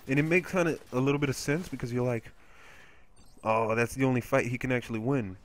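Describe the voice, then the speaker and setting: Male gameplay commentator, casual and crude, rambling storyteller, mid-pitched voice. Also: fairly even intonation, brisk.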